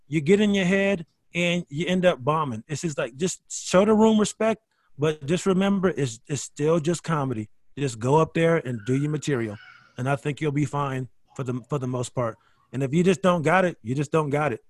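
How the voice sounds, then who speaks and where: A man, a stand-up comedian, telling stories in a casual podcast chat, animated, swearing freely and restarting his sentences. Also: fairly high pitch, moderate pace, dry recording, studio quality. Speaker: guest comedian.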